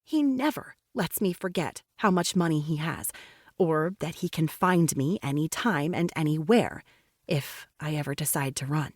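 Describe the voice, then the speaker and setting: A woman's voice: low voice, animated, normal speed, dry recording, clean studio sound. Woman narrating a dramatic audiobook. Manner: dramatic, intense reading. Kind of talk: first-person romance audiobook narration.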